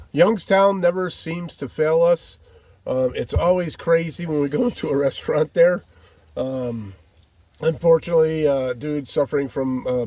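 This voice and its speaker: A man's voice: medium pitch, dark tone. Folksy rambling van-life man. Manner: folksy, rambling, calls viewers "folk". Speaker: vlogger living in a van. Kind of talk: casual vlog chat. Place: outdoors by water and inside a van.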